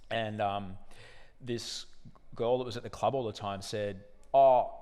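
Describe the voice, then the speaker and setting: An Australian man in his forties, a broadcaster guest telling animated, profane stories in a casual interview. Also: on the low side, measured pace, clean tone. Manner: animated, profane, acts out other people in anecdotes. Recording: echoey room with long reverb.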